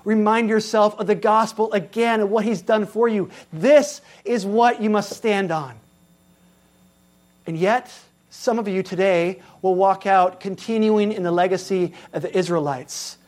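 A man preaching a sermon as a pastor, moving between raised, exclaiming lines and hushed, quiet passages. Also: sits high, unhurried.

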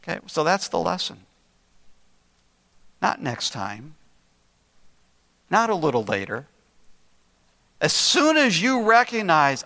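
Older guy preaching slow and earnest, bright voice, big hall echo. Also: fairly high pitch, wildly swooping pitch, creaky. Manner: earnest, storytelling, slow deliberate emphasis. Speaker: pastor. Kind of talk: sermon. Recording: long reverb in a large hall.

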